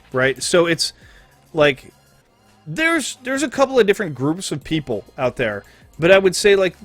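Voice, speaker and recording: A man's voice: a little high, a bit bright, no room sound. A man streaming a game, chatting casually in a rambling, joking, profane way.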